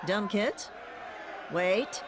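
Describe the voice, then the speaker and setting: A woman's voice: mid-range voice, animated, extremely slow, a crowd in the background, noisy background. A woman voicing a brash, sarcastic cartoon witch who is protective of her kids, in a clip played from the show. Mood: scolding. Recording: music behind cartoon clip. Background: music.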